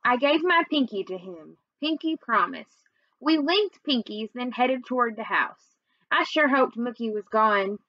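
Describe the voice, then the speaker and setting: A woman's voice: a little high, animated, measured pace, no room sound, highs cut off. A woman teacher reading chapters of a novel aloud to her students, summing up first with many fillers before reading on steadily. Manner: recaps with many fillers, then reads steadily.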